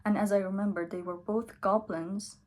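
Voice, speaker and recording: A woman's voice: mid-range voice, steady tone. A tired young woman chatting casually in a book vlog, now and then dropping to a whisper. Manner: chatty, slow and drawn out, sometimes drops to a whisper. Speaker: book vlogger.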